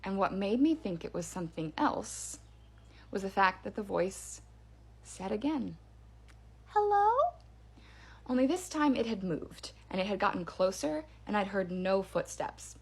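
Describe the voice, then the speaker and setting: A woman telling her own spooky story in a casual, chatty way, with fillers and hushed drops for suspense. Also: medium pitch, expressive, normal speed, gravelly, husky. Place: parents' backyard by a campfire.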